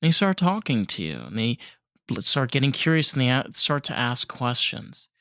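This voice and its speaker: A man's voice: mid-range voice, very animated, moderate pace, sharp tone, smooth, no room sound, studio quality. A man hosting a podcast who chats casually and thinks aloud as he talks. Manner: reflective, thinks aloud with restarts. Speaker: podcast host. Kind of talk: casual conversation.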